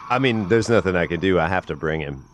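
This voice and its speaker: A man's voice: low-pitched, expressive, fast, slight background noise. A young man streaming a game, muttering profane commentary to himself with bursts of exasperation and an occasional cough. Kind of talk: live gameplay commentary.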